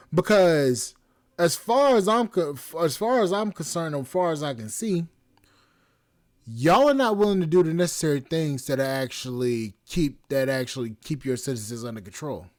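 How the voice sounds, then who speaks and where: A young man runs his podcast in casual commentary, blunt and exasperated. His voice sits fairly high, and he swears freely and repeats words as he works himself up. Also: lively intonation, normal speed. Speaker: podcast host.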